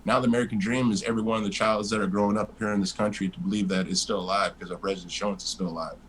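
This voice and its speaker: A man in his forties, a guest in a casual interview, telling stories in a blunt, animated way and swearing freely. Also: fairly low pitch, rapid-fire, slight background noise, low-quality recording.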